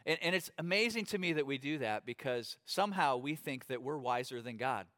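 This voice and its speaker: A middle-aged man preaching a sermon as pastor, talking in a conversational, animated way and telling stories with acted-out quotes. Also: medium pitch, brisk.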